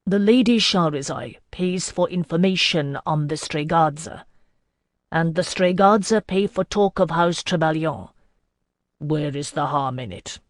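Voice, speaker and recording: A man's voice: on the high side, measured pace, no echo, studio quality, natural voice. A narrator voicing a desperate male trader who pleads in a wheedling, trembling tone, in a fantasy audiobook. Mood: pleading.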